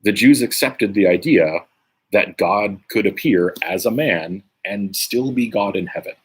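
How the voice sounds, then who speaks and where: A man's voice: on the low side, unhurried, husky. A man leading a casual Bible study, reading scripture aloud and commenting conversationally with frequent "right?" tags. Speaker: Bible teacher.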